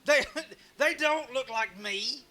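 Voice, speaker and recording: A man's voice: very high voice, slow, sharp tone. A man hosting a casual live stream, rambling and joking at his own expense. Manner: rambling, joking and self-mocking, with frequent restarts. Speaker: live-stream woodcarving host.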